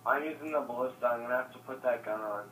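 Man gamer, bright and eager, asks lots of questions, heard from a distance in an echoey room. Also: medium pitch, fast, a little hiss or hum. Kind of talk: casual chat while gaming. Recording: distant roomy phone recording. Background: game sounds from a TV.

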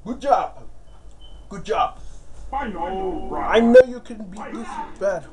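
Frantic high-voiced man yelling at a game. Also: animated, takes it slowly, very noisy. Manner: yelling, frantic, swearing, urging himself on. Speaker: gamer. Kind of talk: shouting self-coaching while playing a fighting game.

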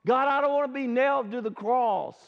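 A man's voice: very high-pitched, fairly quick, creaky, voice pushed up. A pastor putting on an anguished man praying in dread. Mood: pleading. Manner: pleading, overwhelmed, raised and strained. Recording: dull lo-fi sermon recording.

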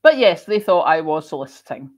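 A middle-aged woman with a Scottish accent, hosting a casual chat and telling stories in an expressive way, with emphatic repeats. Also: low-pitched, a little fast, dull audio. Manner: chatty and expressive, with emphatic repetition. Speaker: host.

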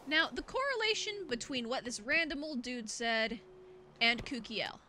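Woman let's play host, rambling and self-mocking, high expressive voice. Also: moderate pace, slight background noise. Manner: chatty, rambling and self-deprecating. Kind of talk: casual gameplay commentary. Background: game music.

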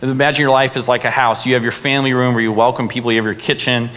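A young man preaching a sermon in a casual, animated way, full of fillers like "right?" and "like". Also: medium pitch, racing. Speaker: pastor. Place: church hall. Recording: long hall reverb.

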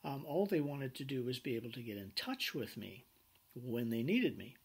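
A man lecturing a business class with animated personal anecdotes, acting out what people said. His voice is husky and mid-pitched. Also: normal speed. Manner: animated storyteller acting out quoted dialogue. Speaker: business instructor.

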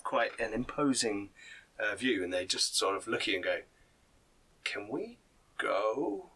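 A man's voice: fairly low pitch, a little fast, pushed and bright. A man narrating as game master, describing combat in vivid, gory detail.

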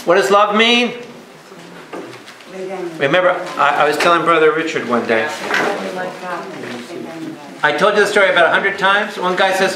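A man's voice: sits high, expressive, normal speed, pauses often, crowd noise. A man, a priest leading a Bible study for a live group, who speaks emphatically and keeps firing questions at his listeners. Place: a meeting room or church hall with a live audience. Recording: echoey room.

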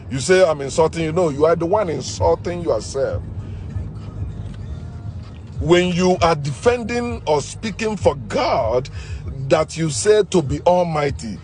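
High-voiced man ranting scornfully. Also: a little mellow. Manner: combative, scornful, repetitive. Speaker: online commentator. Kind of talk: ranting monologue.

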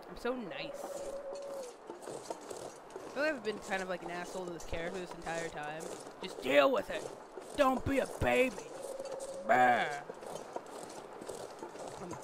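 A young woman casually commenting while playing a video game, chatty and profane, talking to her character. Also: lowish voice. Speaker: gaming video host. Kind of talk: casual let's-play commentary. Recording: noisy audio with loud game ambience.

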